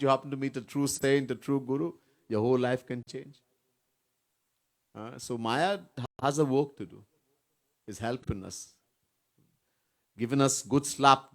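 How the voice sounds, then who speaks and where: Man giving a chatty sermon. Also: mid-range voice. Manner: conversational, repeats words, asks "right?" often, chuckles. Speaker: swami leading a spiritual retreat. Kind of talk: informal sermon.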